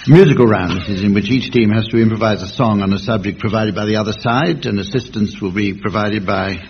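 Deadpan radio quiz chairman, man. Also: fairly low pitch, a little fast, gravelly. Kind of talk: radio panel game hosting. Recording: dull old radio recording with hiss.

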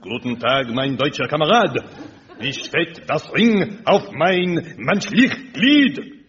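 A man's voice: on the high side, lively intonation, slow pace, a bit bright. An actor playing a pompous German statesman with a mock German accent and mangled English in a comedy sketch. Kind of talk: comedy sketch with live audience. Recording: lo-fi recording.

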